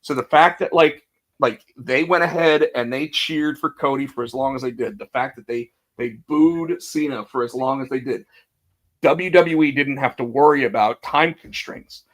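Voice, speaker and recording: Speaking at normal speed in a medium-pitched voice, a man co-hosts a casual wrestling podcast. His storytelling is animated and energetic, with quotes acted out and many restarted sentences.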